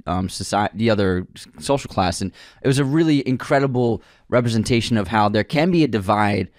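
A man's voice: fairly low pitch, expressive, brisk, no echo, studio quality. A man co-hosting a film podcast, talking earnestly and stumbling over words now and then. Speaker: podcast co-host. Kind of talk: casual film discussion.

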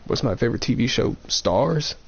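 A man's voice: mid-range voice, expressive, moderate pace, gravelly, breathy edge. A man giving casual, playful let's-play commentary, thinking aloud and repeating himself, with a dull lo-fi mic and faint game music. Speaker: gaming streamer.

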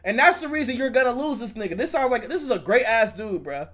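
A man's voice: very high-pitched, very animated, fast talker, a bit bright. A man streaming live, reacting to a video with heated, profane commentary.

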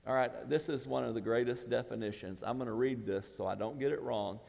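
Gravelly preaching pastor in a hall. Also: male voice, mid-range voice, fairly even intonation, brisk. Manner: preaching with rising, shouted emphasis. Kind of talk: sermon. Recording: church hall with long reverb.

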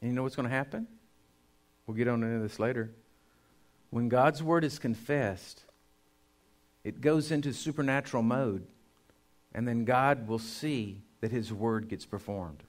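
A pastor delivering a sermon in a mid-range male voice. He preaches with emphasis, swinging from quiet, intimate lines to loud declarations, and keeps turning to address his listeners directly. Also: medium pitch, measured pace, pauses often.

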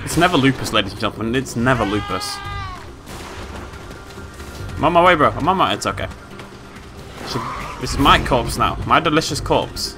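A British man giving playful, excitable commentary on a game he is playing, humming tunes and yelping with glee. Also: medium pitch, a little fast. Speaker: gameplay commentator. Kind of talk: casual let's-play commentary. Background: game music.

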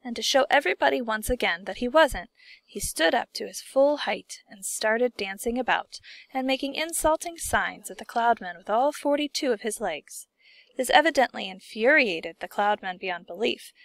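A woman narrating a children's story aloud in a steady, expressive storytelling manner. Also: on the high side, normal speed, creaky, no room sound. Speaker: audiobook reader.

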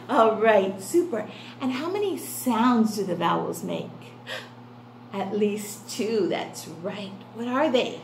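Bright sing-song woman teacher, echoey room. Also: medium pitch, expressive. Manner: cheerful sing-song, drawn-out prompting. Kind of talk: online children's phonics class. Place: indoor room with a fan running. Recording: echoey room with faint fan hum.

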